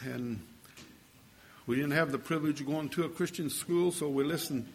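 A man's voice: fairly high pitch, creaky, a little hiss or hum. An older man preaching a sermon, telling a story in a folksy way and building to fervent exhortation.

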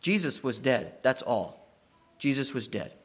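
A man preaching a sermon, retelling a story and swinging between hushed passages and emphatic ones. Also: medium pitch, animated, measured pace.

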